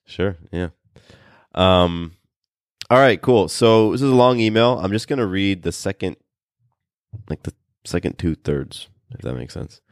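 Very deep-voiced man chatting. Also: lively intonation, no room sound, studio quality. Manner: earnest, speaks in halting restarts; calls his own voice bassy today. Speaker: podcast co-host. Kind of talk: casual podcast chat.

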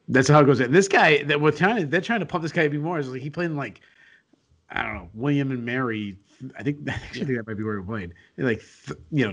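A man's voice: mid-range voice, fairly bright tone. A man co-hosting a sports podcast late at night, sounding sleepy and giving casual, rambling fight analysis full of restarts. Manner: rambling, filler-heavy, frequent restarts. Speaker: co-host and analyst.

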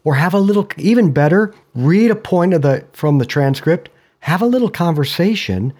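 A man telling stories in a relaxed interview, animatedly voicing the people he quotes. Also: a little high, normal speed. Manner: lively storyteller, voices others' quotes. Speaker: podcast creator and guest. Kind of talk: casual interview talk, storytelling.

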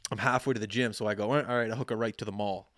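A man's voice: on the low side, racing, dry recording. A man in his thirties telling a long story on a podcast, acting out each side of the conversations. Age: 30s. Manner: animated, acts out quoted dialogue. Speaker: podcast co-host. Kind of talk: casual storytelling chat.

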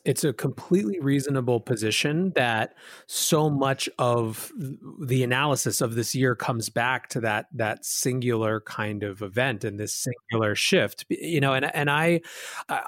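Podcast host guy, mid pitch, thoughtful and measured, dry close sound. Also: fairly bright tone, no room sound. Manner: measured, thoughtful, some restarts. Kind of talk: casual podcast conversation.

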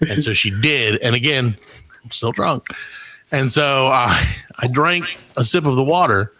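Man in his 40s, podcast co-host, casual chat, lively pitch, bright tone. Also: unhurried, poor audio. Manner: animated storyteller, acts out voices.

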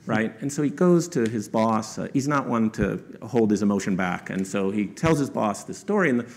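A man's voice: lowish voice, lively intonation, moderate pace, slight background noise. A man telling a story to an audience as a guest speaker. He talks in a conversational way, often adds "right?", and raises his voice to quote people. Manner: conversational with frequent rhetorical "right?".

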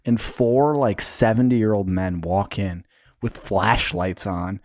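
A young man, co-hosting a podcast, telling stories in a casual, animated way. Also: fairly low pitch, takes it slowly, no echo, studio quality. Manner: storytelling, animated retelling with put-on quotes. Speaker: podcast co-host. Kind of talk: casual chat.

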